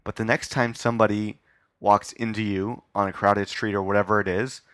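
A man's voice: fairly low pitch, flat delivery, brisk, a bit bright, dry recording. A man hosting his own podcast, talking in a rambling, self-mocking way with filler words, live on a stage. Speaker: podcast host. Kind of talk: casual live interview. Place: live stage before an audience.

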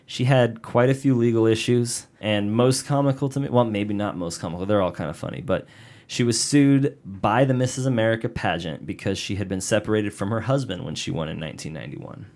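Low-voiced man narrating a podcast case. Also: fairly quick, darkish tone. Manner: casual, joking asides while reading a story. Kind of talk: casual podcast chat with read narration.

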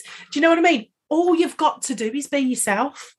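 A woman co-hosts a chat show, rambling and filling her talk with "you know" and "like." Her voice is a little high, and she gets emotional as she talks. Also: brisk. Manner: emotional, chatty, rambling with many fillers. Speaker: podcast co-host. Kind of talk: casual chat.

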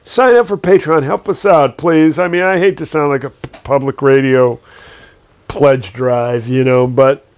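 A man's voice: mid-range voice, steady tone, unhurried, a little mellow, clear, resonant tone. A man co-hosting a casual podcast chat, joking around and telling jokes. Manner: joking, tells jokes with quoted voices. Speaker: podcast co-host.

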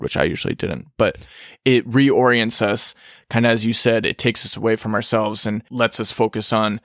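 A man co-hosting a podcast, relaxed and self-deprecating, with quick jokes. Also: on the low side, no echo, studio quality. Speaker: podcast co-host. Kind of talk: casual faith discussion.

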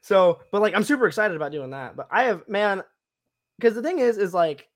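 Young male host, slightly high voice, chatty and rambling, lots of fillers. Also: animated, a little fast. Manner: rambling, upbeat, many fillers. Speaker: podcast host and cosplayer. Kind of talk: casual chat.

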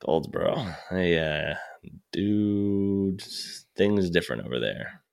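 A man's voice: low-pitched, expressive, slow pace, gravelly, a little mellow, clear, resonant tone. A man, a stand-up comedian, talking in a casual podcast chat, rambling and swearing freely, with frequent restarts and laughs.

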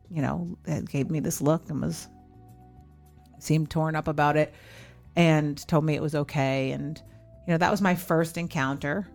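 A woman in her forties hosting a podcast, candidly telling a personal story and acting out remembered dialogue. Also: on the low side. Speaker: podcast host.

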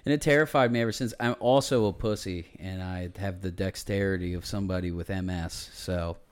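Smooth-voiced man telling crude stories. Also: low voice, a little fast. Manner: profane, storytelling, jokey. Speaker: podcast co-host. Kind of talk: crude casual chat.

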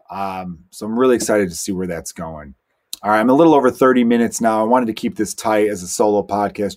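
A man who is a stand-up comedian, hosting his own solo podcast and telling stories in a rambling, animated way with quick asides. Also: fairly low pitch. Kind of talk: casual solo podcast monologue.

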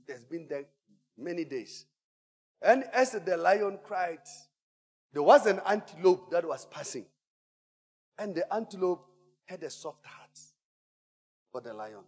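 A man preaching a sermon as pastor, an animated storyteller who swings from hushed asides to shouts and calls on the congregation. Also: a little high, unhurried, pauses often, breathy edge. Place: church auditorium. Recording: church hall reverb.

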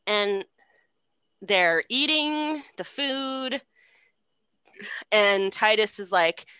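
A young woman recapping a story casually, animated and swearing, laughing often. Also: medium pitch, drawn-out words, smooth, no echo.

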